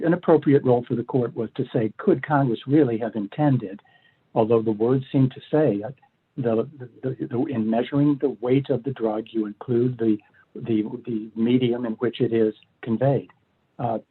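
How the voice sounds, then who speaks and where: An older man, a law professor, explaining cases in an interview in a measured way, often pausing to restart. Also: mid-range voice, slightly rough. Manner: measured, many fillers and restarts. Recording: phone-like line.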